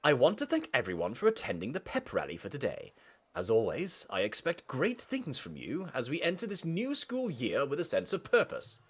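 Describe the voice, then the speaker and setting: Man doing a slow, formal school principal. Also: mid-range voice, huge pitch swings, slightly rough, pitched above the performer's own voice. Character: middle-aged male school principal.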